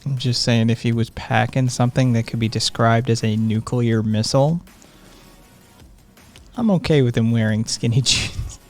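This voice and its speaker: A live stream host chatting casually and reading viewer comments in a soft, sedated way, with frequent ums and laughs. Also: mid-range voice, fairly even intonation, moderate pace, faint music behind.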